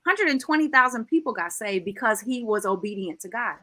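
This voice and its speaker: A woman radio host with a bright, ringing voice talks with growing passion. She builds her points like a preacher, stressing words and repeating lines for effect. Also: a little high, animated, brisk, slight background noise. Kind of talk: talk show chat turning preachy.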